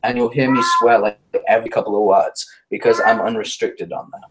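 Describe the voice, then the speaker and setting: A man talking fast and brashly as a guest in a casual interview, animated and self-mocking. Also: lowish voice, low-quality recording.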